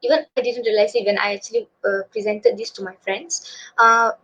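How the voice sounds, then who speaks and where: Animated and fairly quick, this young woman has a fairly high, slightly bright voice with vocal fry and a Malaysian accent. She's from Malaysia and gives a casual, filler-heavy, chatty student webinar presentation, recorded over a video call with dull, lo-fi sound.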